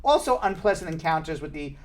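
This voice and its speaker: A man's voice: fairly high pitch, fast talker. A man hosting a talk show, telling news stories in a casual, laughing way. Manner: laughing, animated storytelling. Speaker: show host.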